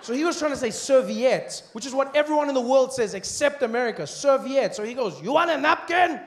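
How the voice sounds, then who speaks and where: A stand-up comedian tells his stories with animated energy, often shouting out punchlines. His voice is fairly high. He speaks into a handheld mic on a theater stage, with a faint hum behind him. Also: fairly quick, in a large hall.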